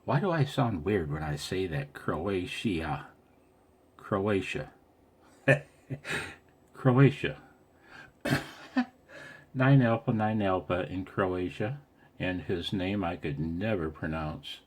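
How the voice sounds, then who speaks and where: A man's voice: deep voice, animated, measured pace, husky. A man doing a casual ham radio vlog, reading out call signs with a self-amused, chatty manner. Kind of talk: casual contest recap vlog.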